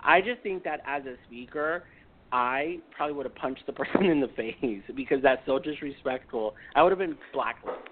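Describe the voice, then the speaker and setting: A man's voice: medium pitch, moderate pace, slight background noise. A man co-hosting a talk podcast, chatting in a blunt, joking way. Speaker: podcast co-host. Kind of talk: casual chat. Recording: tinny phone-like sound.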